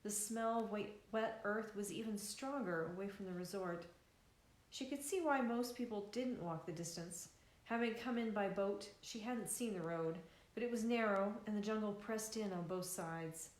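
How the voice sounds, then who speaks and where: A woman author reads her novel aloud, easygoing and unhurried, her middle-pitched voice ringing in an echoey room. She stumbles and restarts a word now and then, keeping it relaxed. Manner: easygoing reading with small restarts. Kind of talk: live reading of a novel.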